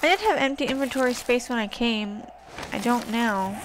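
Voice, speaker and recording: A woman plays through a survival game and chats casually as she goes, cursing and taunting the zombies. Her voice sits fairly high. The recording carries steady background noise. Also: normal speed. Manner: swears often, chats to the zombies. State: wearing a wrist brace. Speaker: gaming channel host. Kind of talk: casual gameplay commentary. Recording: noisy home recording.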